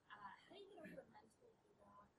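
A woman in the audience asking a question, hesitant and soft-spoken. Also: on the high side, big pitch swings, fast talker, gravelly, slight background noise. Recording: distant from the mic.

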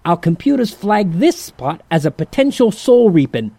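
Man voicing a sleazy joking demon, slangy banter, chuckling, lively swooping pitch, audio drama. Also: normal speed, creaky, no echo, full character voice. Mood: breezy. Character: wisecracking male demon, sleazy and jovial.

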